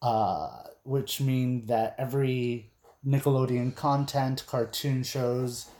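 Slow-talking man in an echoey room. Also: mid-range voice, darkish tone. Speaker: podcast co-host. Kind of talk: casual chat.

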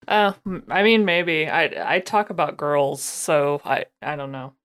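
This is a woman co-hosting a podcast, speaking in casual chat. Her voice is on the low side, and she talks very slowly. She comes across blunt and dry, and she swears casually. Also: a bit bright. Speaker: podcast co-host.

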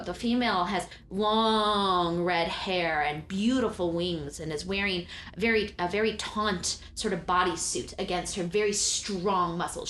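A woman's voice: mid-range voice, a bit bright, slight background noise. Casual woman game master in a roomy space. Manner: casual, filler-heavy narration. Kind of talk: narrating a tabletop game. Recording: roomy echo, faint background.

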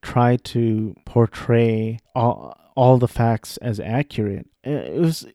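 A young man talks casually about films he has seen, circling back and correcting himself mid-thought. His voice is mellow and relaxed. The sound is dry and close, with no room around it. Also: medium pitch, slow, dry recording. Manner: rambling, self-correcting, offhand. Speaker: vlogger. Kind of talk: casual film chat.

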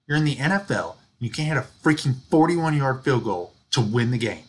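A man co-hosting a sports podcast, telling stories in an animated, ranting way. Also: mid-range voice, normal speed, husky. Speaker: podcast co-host. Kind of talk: casual sports chat.

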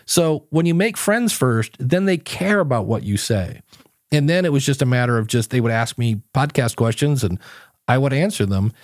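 Lively storytelling man, dry close sound. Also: fairly high pitch, fairly quick, no echo. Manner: animated storyteller acting out his own quotes. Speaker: podcast guest. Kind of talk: casual interview chat.

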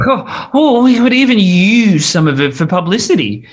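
A man playing a gushing, scatterbrained theatre director who flatters his cast. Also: sits high, normal speed.

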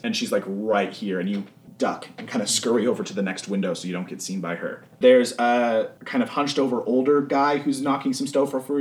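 A man narrating as game master in a casual, rambling way, full of fillers. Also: on the low side. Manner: casual, filler-heavy description. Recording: roomy sound, mic at a distance.

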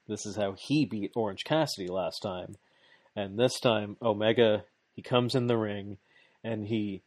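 Excited man recapping in a dry room. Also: on the low side, no room sound. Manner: excited, laughs often, rambling play-by-play with restarts. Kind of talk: casual chat recapping a wrestling match.

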